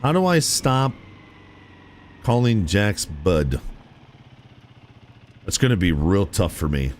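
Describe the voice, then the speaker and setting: A man's voice: low voice, sing-song, slow, a little hiss or hum. A young man streaming a game live, chatting casually and laid-back with his viewers, often calling them "chat" and saying "dude".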